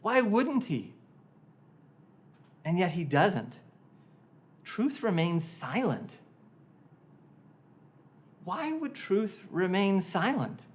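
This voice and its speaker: Dramatic pastor preaching with loud-hushed swings. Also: male voice, high-pitched, sing-song, drawn-out words, pauses often. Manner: dramatic retelling with sharp shifts between loud and hushed. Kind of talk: sermon.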